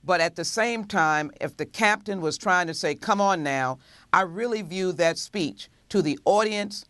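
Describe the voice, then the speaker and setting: A congresswoman answering in a TV interview, measured and full of pauses and fillers. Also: on the low side, fairly bright tone, dry recording.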